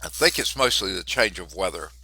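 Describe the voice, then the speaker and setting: Male math instructor, congested and short of breath, bright edgy low voice, throat-clearing, wry asides. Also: animated, a little fast. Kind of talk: classroom lecture.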